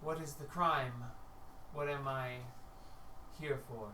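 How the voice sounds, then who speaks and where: A man's voice: mid-range voice, fairly even intonation, takes it slowly, sharp tone, slight background noise. A man voicing a stern, formal woman judge in a tabletop game, declaiming verdicts. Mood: solemn. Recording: roomy distant mic, faint ambience.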